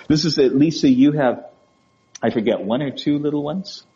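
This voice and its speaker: As a guest in a conversational interview on emotional wellbeing, a man speaks gently at a moderate pace in a warm, relaxed, rather high voice. He often stumbles, repeats and restarts words, and keeps checking in with "right?" and "you know?". The audio is dull and lo-fi.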